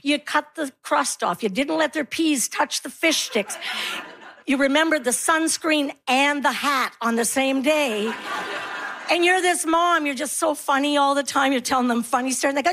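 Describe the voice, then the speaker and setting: A woman's voice: high-pitched, normal speed, a bit bright. A woman in her sixties doing a stand-up comedy set, telling wry stories and acting out the people in them. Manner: wry storytelling, acts out quoted voices.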